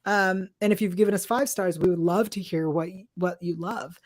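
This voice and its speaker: A woman's voice: on the low side, steady tone, normal speed, darkish tone. A woman co-hosting a podcast in casual chat, dry and offhand, with casual swearing. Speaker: podcast co-host.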